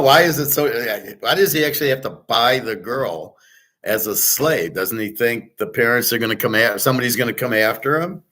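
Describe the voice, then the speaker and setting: A man hosts a loose, unscripted chat. His voice sits at an ordinary middle pitch. He talks bluntly and rambles, restarting sentences and swearing freely. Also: normal speed, sharp tone. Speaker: host.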